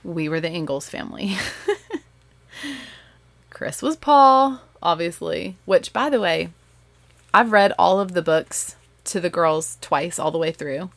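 A woman with a Southern accent chatting casually as a host, animated, laughing and correcting herself as she goes. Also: lowish voice, a little slow, gravelly, pauses often, no echo. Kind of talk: casual chat.

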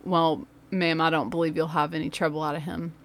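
A woman's voice: sits low, little pitch movement, fairly quick, pitched below the performer's own voice. A woman voicing a stern father promising a teacher that his son will behave. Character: stern calm father on the phone.

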